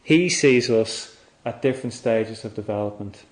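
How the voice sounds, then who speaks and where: A man giving a Buddhist dharma talk, reflective and halting, often restarting his phrases. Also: on the low side. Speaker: Buddhist teacher.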